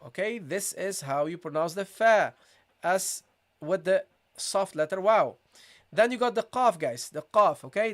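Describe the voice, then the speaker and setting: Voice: mid-range voice, expressive, unhurried. A teacher giving a live-streamed language lesson, drilling pronunciation by repeating each sound and checking in with listeners again and again. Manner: drills sounds by repeating them, constantly checks with "okay?" and "guys". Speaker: Arabic teacher.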